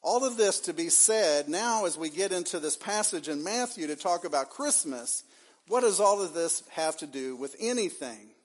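A man's voice: on the high side, lively intonation, moderate pace. A man preaching a sermon as pastor, acting out the figures' lines with dramatic swings. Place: church sanctuary.

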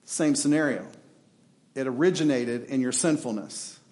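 In a church with a roomy sound, a pastor preaches with passion, acting out prayers and God's replies for the congregation. His medium-pitched voice has a darkish tone and a moderate pace.

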